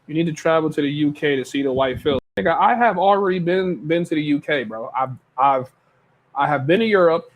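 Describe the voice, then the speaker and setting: A man's voice: fairly high pitch, brisk, rough recording. A man hosting a stream and reacting to clips in casual commentary, blunt and profane, repeating himself and stumbling over his words.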